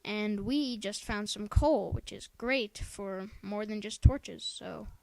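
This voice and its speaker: Woman, mid pitch, casual upbeat tutorial narration, dry close mic. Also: slow pace, vocal fry, darkish tone, dry recording. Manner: explanatory, upbeat. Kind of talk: casual gameplay commentary.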